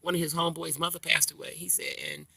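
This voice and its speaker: In a casual vlog, a middle-aged grandmother tells long, meandering stories full of slang with plenty of animation. She talks quickly in a low, creaky, husky voice, and the recording has no room sound.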